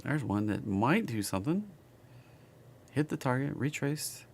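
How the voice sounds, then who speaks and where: A man's voice: mid-range voice, sing-song, a little slow, vocal fry, slight background noise. A man with a Southern accent, casually reading stock charts on a live stream and chatting with viewers.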